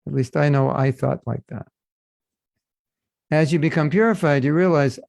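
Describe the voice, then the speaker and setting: A man's voice: on the high side, moderate pace, vocal fry, pauses often, darkish tone, no echo, clean studio sound. A man teaching a devotional class, earnest and addressing listeners with rhetorical questions. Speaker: spiritual teacher.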